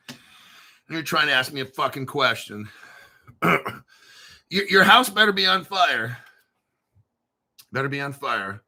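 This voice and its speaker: A man hosting a crypto video in a casual, blunt and profane rant, clearing his throat often. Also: mid-range voice, big pitch swings, a little slow, long pauses, bright, forceful tone, a little hiss or hum. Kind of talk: casual ranting commentary.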